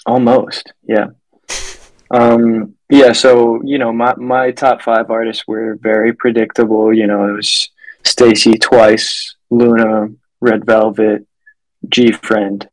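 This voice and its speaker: A man's voice: on the low side, flat delivery, slow, low-quality recording. A man co-hosting a podcast, chatting casually in a laid-back, rambling way. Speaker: podcast co-host. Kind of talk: casual chat.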